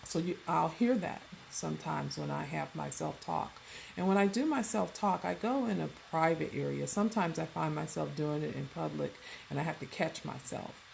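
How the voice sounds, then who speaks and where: Low-voiced, gravelly Southern woman. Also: moderate pace, a little mellow, a little hiss or hum, poor audio. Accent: Southern US, Mississippi Delta. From Mississippi Delta, United States. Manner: hesitant, many fillers and restarts. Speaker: vlogger presenting her self-talk website. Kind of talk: casual spoken monologue.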